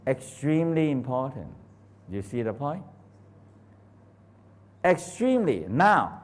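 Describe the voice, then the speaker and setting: A man teaching a live workshop in non-native English, animated, laughing often and firing questions at the audience. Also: mid-range voice, slow pace, long pauses. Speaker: Taoist teacher. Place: training center hall.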